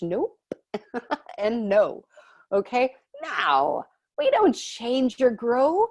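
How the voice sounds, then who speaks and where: A woman teaching a live online spiritual class, telling stories with animated acted-out voices. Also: medium pitch, takes it slowly, long pauses, no room sound, clean studio sound. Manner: animated storytelling, acts out voices.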